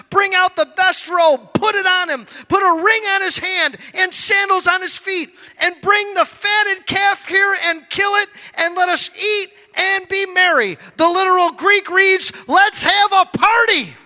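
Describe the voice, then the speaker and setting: A man preaching a sermon, moving from loud shouted lines to quiet low asides. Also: in a large hall.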